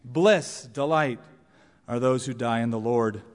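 A man preaching a sermon as pastor, animated, with playful asides and mock voices. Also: medium pitch, a little slow. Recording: long church reverb.

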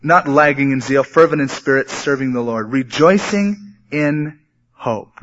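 A man's voice: mid-range voice, measured pace. Man preaching in a dull, lo-fi recording. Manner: conversational preaching, sometimes animated. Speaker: pastor. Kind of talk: sermon.

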